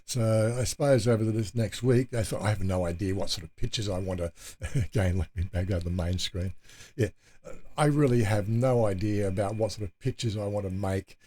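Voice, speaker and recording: A man's voice: lowish voice, moderate pace, warm tone. Rambling, hesitant male vlogger. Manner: meandering, hesitant, many fillers and restarts. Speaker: channel host. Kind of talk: casual rambling vlog talk.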